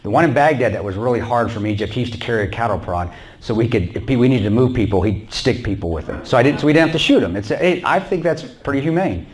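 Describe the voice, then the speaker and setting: A man giving a storytelling talk to an audience in a church. He is animated, acts out the dialogue and laughs often. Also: medium pitch, fast talker. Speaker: guest speaker.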